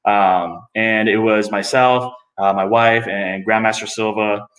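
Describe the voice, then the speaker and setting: A middle-aged man, a guest on a podcast interview, telling stories in a relaxed, animated way and often putting on higher voices when he quotes people. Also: unhurried. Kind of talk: casual storytelling in a podcast interview. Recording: echoey room.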